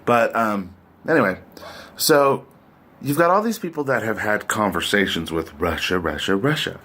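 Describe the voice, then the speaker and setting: A man's voice: on the low side, expressive, normal speed, a bit bright. Profane, rambling man ranting. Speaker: podcast host. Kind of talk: ranting political monologue.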